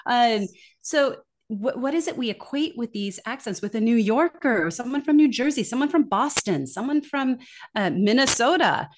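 A woman speaking as a guest expert in a podcast interview, explaining in an earnest, animated way. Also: fairly high pitch, moderate pace. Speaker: guest expert on accent bias.

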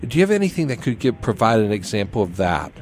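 A man hosting a radio interview, relaxed and easy to laugh, asking thoughtful questions. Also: fairly low pitch, quick pace, a little hiss or hum. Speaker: radio host.

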